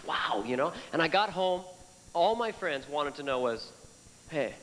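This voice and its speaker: A middle-aged man performing a stand-up comedy set, telling stories in an animated way and jumping into voices. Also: a little high, normal speed. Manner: animated storytelling, jumps into voices and characters. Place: large hall before a live audience. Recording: live hall with reverb and loud noise.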